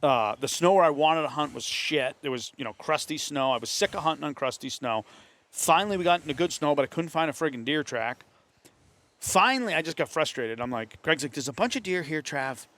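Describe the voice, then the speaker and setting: A man's voice: a little high, lively intonation, brisk, a bit bright. A man with a New England accent telling a hunting story in casual talk among friends, acting out the voices of others. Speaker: host. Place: hunting camp.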